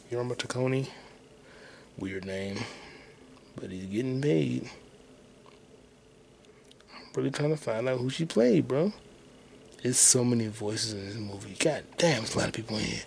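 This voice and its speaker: Brief: male solo podcaster, gravelly voice, casual swearing, faint background hiss. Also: medium pitch, a little slow, pauses often, a little mellow. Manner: profane, muttering to himself while searching online. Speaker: podcast host.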